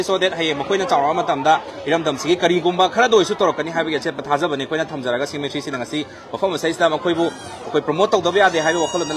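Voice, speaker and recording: A man with a Manipuri accent hosting an outdoor school fair on a handheld microphone, explaining exhibits in an animated way. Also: on the high side. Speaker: event host. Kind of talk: live event presenting. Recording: crowd noise behind.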